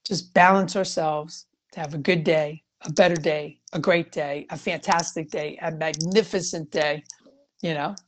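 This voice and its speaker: A woman shares her thoughts on tarot and moods in a loose, conversational way. Her voice sits a little on the low side, and she circles back on her points with plenty of casual fillers. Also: steady tone, measured pace. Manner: chatty and rambling, frequent "you know" fillers. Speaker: tarot reader. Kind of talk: casual spiritual talk to viewers.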